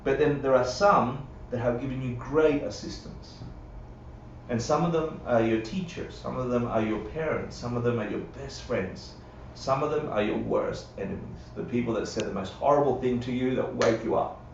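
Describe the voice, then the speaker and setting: A gravelly, mid-range voice at normal speed belongs to a man conducting a live Buddhist class in a chatty manner, often checking on listeners and acting out quotes. There's a little hiss or hum in the roomy, dull, distant livestream audio.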